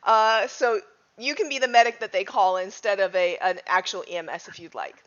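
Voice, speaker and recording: Woman running a tabletop game, bright slightly high voice, muffled lo-fi sound. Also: a little fast. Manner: chatty, frequent ums, laughs easily. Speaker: game master. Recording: dull lo-fi audio.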